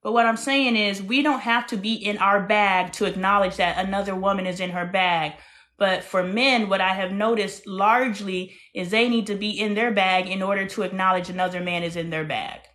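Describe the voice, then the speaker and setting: Frank, animated woman in her thirties, host of a casual live-stream monologue, loud one moment and hushed the next. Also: mid-range voice, normal speed.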